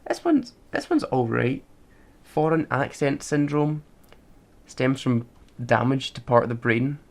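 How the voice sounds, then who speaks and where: Male podcast co-host, argumentative, mid pitch, casual chat. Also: animated, measured pace. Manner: argumentative, reads out facts.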